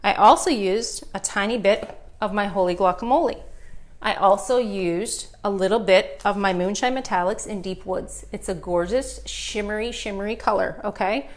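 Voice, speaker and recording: A woman's voice: medium pitch, normal speed. Chatty Canadian woman teaching painting. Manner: chatty, upbeat, addresses viewers directly. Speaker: furniture painting instructor. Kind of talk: live painting tutorial.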